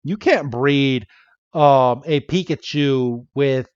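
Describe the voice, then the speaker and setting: A man's voice: medium pitch, smooth, no echo, dull audio. A man co-hosting a podcast, recapping a cartoon episode in casual chat and briefly mimicking the characters as he goes. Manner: animated retelling with quick impressions of characters. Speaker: podcast co-host.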